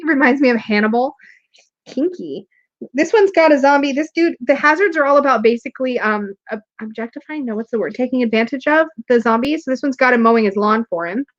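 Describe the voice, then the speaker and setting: High-pitched gushy woman hosting a live stream, kinda muffled lo-fi sound. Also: a little fast. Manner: gushing, excitable, playful. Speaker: tarot reader and live stream host. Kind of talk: casual live stream chat. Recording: dull lo-fi stream audio.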